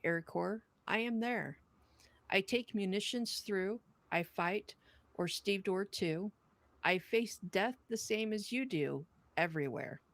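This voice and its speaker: Low gravelly woman podcast host. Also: fairly bright tone, no echo. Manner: earnest, blunt, swears. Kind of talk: poem reading then casual chat.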